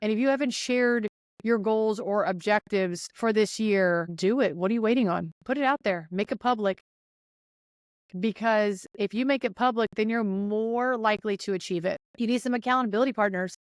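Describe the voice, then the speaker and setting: A young woman hosting her podcast, giving listeners an energetic, chatty pep talk and speaking right to them. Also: mid-range voice, moderate pace, clear, resonant tone, no echo, clean studio sound. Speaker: podcast host. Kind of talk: casual motivational monologue.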